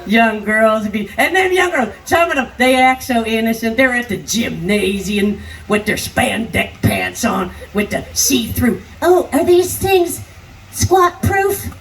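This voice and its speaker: An older woman doing raunchy live stand-up comedy, brash and crude, shouting her punchlines. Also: on the high side, a little slow, creaky, few pauses. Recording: live stage sound, distant, crowd noise. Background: noisy party crowd.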